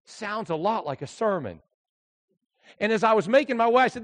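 An older man preaching a sermon from the pulpit. His voice sits fairly high for a man. He tells the story expressively, dropping low and quiet and then rising almost to a shout. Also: lively intonation, moderate pace, long pauses. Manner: storytelling, swings from hushed to shouting. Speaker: pastor.

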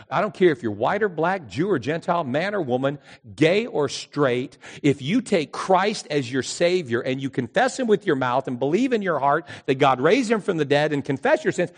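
A youth pastor preaching a sermon in story form, animated, moving between loud emphasis and hushed earnest passages. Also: male voice, fairly high pitch.

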